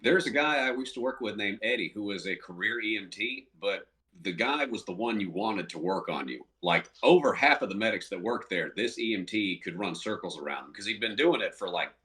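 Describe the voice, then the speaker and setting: A paramedic guest chatting in an easygoing, wry way during a podcast conversation. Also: male voice, on the low side, animated, brisk, pushed and bright, recorded from a distance. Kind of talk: casual chat.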